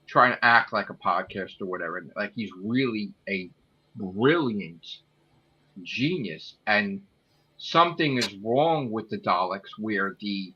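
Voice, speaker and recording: A man co-hosting a casual streamed podcast, pitching a story idea with excitable, profane energy and a habit of checking in with "right?" after each point. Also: husky, lo-fi sound. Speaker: podcast co-host.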